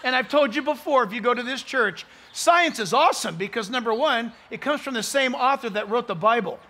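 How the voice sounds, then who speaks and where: A male pastor preaching an outdoor sunrise sermon into a stage microphone, animated, joking with the crowd and acting out the voices he quotes. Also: very high-pitched, fairly quick, a little hiss or hum. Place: outdoors at dawn, cold.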